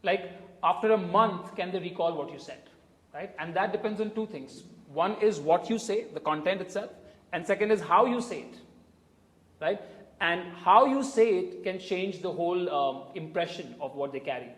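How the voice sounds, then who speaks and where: A man's voice: high voice, normal speed. Indian man coaching in an echoey room. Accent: Indian English. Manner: emphatic, illustrates with spoken examples. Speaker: communication coach. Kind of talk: interview answers, explanatory. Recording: echoey room with long reverb.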